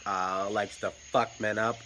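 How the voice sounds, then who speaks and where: A man's voice: on the low side, flat delivery, measured pace, sharp tone, a little hiss or hum, rough recording. A man casually telling a story from his job at a hotel desk, in a wry, profane way with frequent stammers. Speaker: hotel night clerk telling stories.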